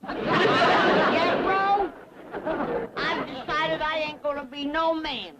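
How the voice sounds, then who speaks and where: An older actress playing a stubborn backwoods granny in a 1960s sitcom, scolding in an Ozarks drawl. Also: female voice, high-pitched, very slow, over a noisy crowd. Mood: grumbling. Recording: noisy old TV soundtrack.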